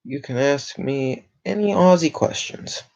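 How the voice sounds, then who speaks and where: A man's voice: on the high side, a little slow, gravelly, darkish tone, highs cut off. Rambling young man chatting on a livestream. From Canada. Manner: rambling, reads chat aloud, filler-heavy. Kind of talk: casual livestream chat.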